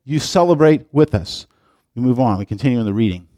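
A man's voice: mid-range voice, lively intonation, mellow, no room sound. A man preaching a sermon as pastor, moving between reading scripture aloud and chatty, digressive asides to his congregation. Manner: reads scripture aloud with pauses and stresses. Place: church sanctuary.

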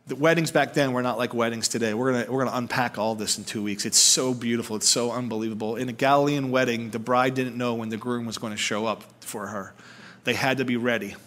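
A man's voice: medium pitch, a bit bright. A man in his forties preaching a sermon as pastor at a church service, talking earnestly to the congregation and building to fervent emphasis.

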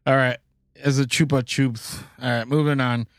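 A man hosting a podcast, running through horror news with excitable, self-mocking, foul-mouthed chatter. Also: medium pitch, normal speed, no room sound, clean studio sound. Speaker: podcast host. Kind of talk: casual banter reading news items.

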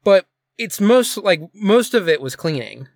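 A man chatting on a podcast about the store where he used to work. He talks in a halting way, with many fillers, and his voice sits a little high. The recording is close and dry. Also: big pitch swings, dry recording. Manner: rambling, hesitant, with many fillers. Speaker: podcast co-host; former coffee shop worker. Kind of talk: casual chat.

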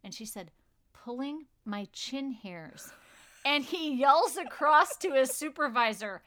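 Slow-spoken woman podcast co-host. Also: high voice, animated, no room sound, studio quality. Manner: slow, warm, earnest. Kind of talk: casual chat and spoken prayer.

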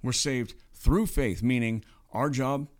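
A man's voice: mid-range voice, takes it slowly, a little mellow. A man co-hosting a podcast, talking through faith in a casual, earnest way and often checking in with "right?". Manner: earnest, explaining with frequent "right?". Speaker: podcast co-host.

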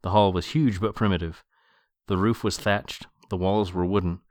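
Deep-voiced man reading aloud, dry. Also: fairly even intonation, moderate pace, a little mellow, no room sound. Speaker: podcast host reading a novel aloud. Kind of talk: book reading and commentary.

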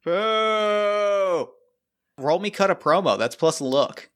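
A man's voice: on the high side, animated, normal speed. A man running a tabletop wrestling game as game master, narrating in a loose, rambling way full of fillers and restarts.

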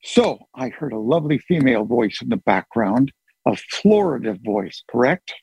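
A man's voice: medium pitch, big pitch swings, moderate pace, vocal fry, a little mellow, slightly rough, no echo, low-quality recording. A man hosting a group call, chatting casually and joking at his own expense. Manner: chatty, joking, self-deprecating. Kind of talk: casual chat.

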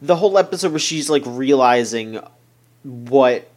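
This is a young man in an unscripted podcast chat, his voice sitting at an ordinary middle pitch. He wanders through his thoughts, stopping and restarting often, with plenty of "like" and "you know.". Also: lively intonation, measured pace, darkish tone. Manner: rambling, hesitant, many fillers and restarts. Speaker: podcast co-host. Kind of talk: casual chat reviewing an anime.

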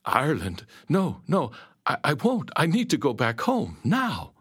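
A man's voice: medium pitch, animated, slow, mellow, breathy edge, dry recording, studio quality, voice pushed up, exaggerated voice. A man voicing a frightened stammering young boy. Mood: panicked. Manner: stammering, pleading.

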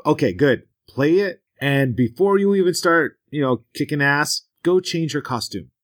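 A man's voice: fairly high pitch, lively intonation, normal speed. Teasing podcast co-host man. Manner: teasing, coy, hesitant with fillers. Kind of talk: casual podcast banter.

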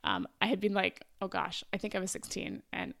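Giggly young woman with a gravelly edge. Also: medium pitch, big pitch swings, a little fast, a bit bright. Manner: storytelling, giggly, lots of filler "like". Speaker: podcast co-host. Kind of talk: casual chat.

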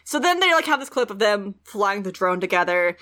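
A woman at a middle pitch talks through a show's episode plot for her podcast. She keeps it loose and chatty, swearing freely and slipping into voices for the characters. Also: fairly quick. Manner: animated, swears freely, acts out quotes. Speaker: podcast host recapping a TV show. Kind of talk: casual chat.

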